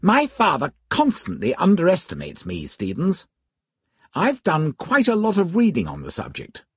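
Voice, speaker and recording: A man voicing an eager, self-assured young gentleman in his twenties in a storybook reading. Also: on the high side, huge pitch swings, normal speed, breathy edge, no room sound, clean studio sound, pitched above the performer's own voice, heavily acted.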